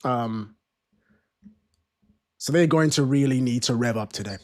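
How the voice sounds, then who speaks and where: Hosting a live football watchalong, a man chats casually and pokes fun at himself, full of fillers and restarts. He speaks at a measured pace in a mid-range, slightly mellow voice.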